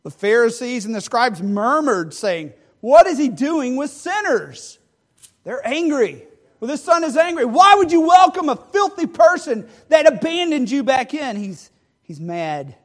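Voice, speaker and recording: Animated preacher acting out scripture. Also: male voice, unhurried. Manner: acts out the parable characters with big shifts in pitch and loudness. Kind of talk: sermon.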